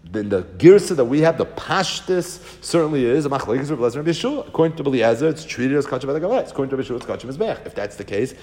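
A man giving a Talmud lesson, explaining quickly and weaving Hebrew and Aramaic terms into his English. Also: medium pitch, lively intonation, mellow, long reverb tail. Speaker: Talmud teacher. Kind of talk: Talmud lecture.

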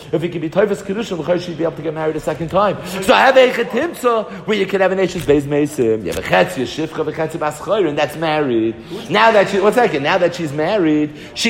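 A man teaching a Talmud lesson in an animated way, arguing both sides of a debate and often repeating words as he thinks. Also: high voice, big-room sound. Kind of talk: Talmud lecture.

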